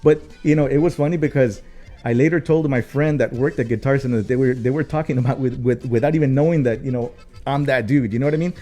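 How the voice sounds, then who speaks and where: A man's voice: mid-range voice, fast, warm tone, soft background music. A man, co-hosting a casual talk show and telling a long story, with many fillers, swearing and switches into Spanish. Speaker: co-host.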